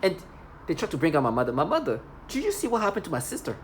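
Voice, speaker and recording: A woman with a very low voice delivers a rambling, accusatory rant straight to the camera. She sounds agitated and keeps circling back to her complaints, with faint noise in the background. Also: huge pitch swings, racing. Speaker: video blogger. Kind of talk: angry monologue to camera.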